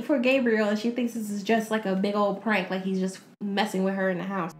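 A woman hosts a podcast with a casual movie recap, acting out the characters' lines as she retells the plot. Her medium-pitched voice holds a steady tone and moves fairly quickly with few pauses. The room is echoey, with a faint hiss in the background.

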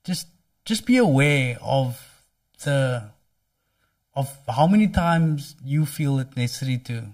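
A man's voice: medium pitch, expressive, slow pace, pauses often, darkish tone. A man from South Africa with a Cape Town accent, a podcast guest speaking thoughtfully with hesitant restarts. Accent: Cape Town South African English. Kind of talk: casual conversation.

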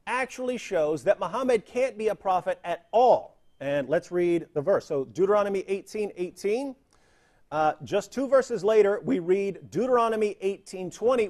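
A man's voice: sits high, a little mellow. A man hosting religious debate commentary, methodical and argumentative. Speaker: host.

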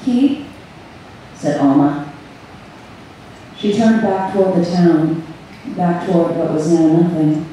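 Slow, mellow woman reading a story live. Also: on the low side, steady tone, a little hiss or hum. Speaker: author reading her own story. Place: event room on a cruise ship. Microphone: far audience camera. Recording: echoey hall recorded from far off.

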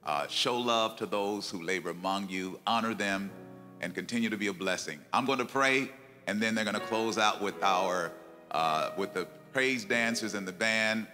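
Hoarse, raspy pastor leading prayer. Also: male voice, on the low side, moderate pace, pushed and bright. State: hoarse from preaching. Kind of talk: closing remarks and prayer. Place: church hall event. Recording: long-reverb hall with music behind.

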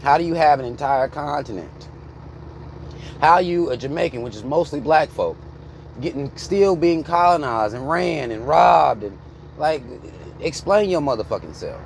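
Speaking at a normal speed, this man's voice is a little high, animated, and creaky. He's an American in his thirties, vlogging from his car with a blunt, profane rant, cursing freely and sounding heated. There's slight background noise.

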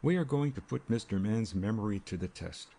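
A man reading a reserved young gentleman in a novel, calm and guarded. His words come measured and quiet. The tone is low and mellow. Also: creaky. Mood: firm.

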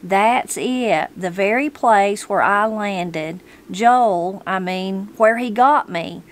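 A woman's voice: mid-range voice, slow, lightly acted. Woman reading as a homespun granny. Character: spry old mountain granny, hospitable.

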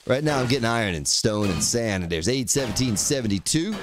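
A man's voice: mid-range voice, expressive, brisk, few pauses, background noise. A man streaming a game, joking around and teasing his chat viewers by name as he plays. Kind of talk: casual gameplay livestream commentary.

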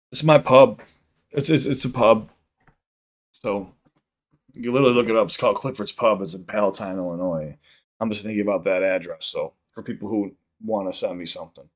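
A man casually chatting on a livestream while high, swearing a lot and reading chat aloud. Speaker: live streamer.

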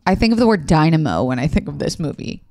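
A woman co-hosts a casual comedy podcast, brash and teasing. Her pitch swoops widely, and the sound is dry and close. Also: sing-song, fast talker, darkish tone, no room sound. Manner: brash, teasing, crude jokes. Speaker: podcast co-host.

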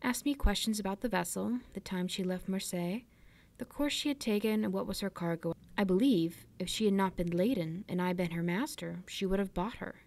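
A woman's voice: mid-range voice, creaky, darkish tone, natural voice. Woman reading as Dantès, earnest young sailor. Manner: respectful, plainspoken. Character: earnest young male ship's mate.

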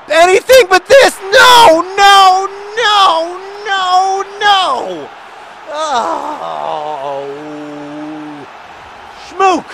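A man casually commenting while playing a video game, rambling and restarting sentences, with sudden excited outbursts. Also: mid-range voice, background noise. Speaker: video host.

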